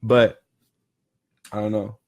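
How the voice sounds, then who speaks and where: A man's voice: lowish voice, little pitch movement, takes it slowly. Rambling motivational speaker, a man. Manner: rambling storytelling, with frequent restarts and "you know". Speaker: session leader in a year-long daily challenge. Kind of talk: motivational talk.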